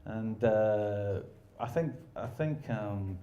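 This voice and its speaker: A man's voice: lowish voice, very slow, dark tone, dull audio. A man telling rambling, self-deprecating stories in casual chat, laughing often.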